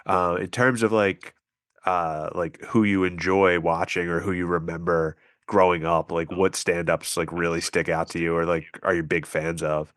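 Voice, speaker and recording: A man hosting a podcast, interviewing guests in an easygoing, relaxed way on a podcast mic. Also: deep voice, moderate pace, dry recording, clean studio sound. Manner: relaxed, easygoing, laughs along. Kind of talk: casual interview chat.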